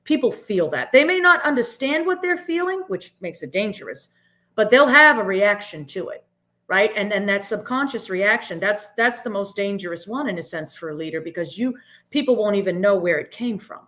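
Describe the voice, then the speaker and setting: A middle-aged woman speaks in an earnest, emphatic way as a podcast guest. She often ends her points with "right?". Her voice sits at an ordinary middle pitch. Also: lively intonation, moderate pace, sharp tone. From Boston area, US. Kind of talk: reflective interview talk.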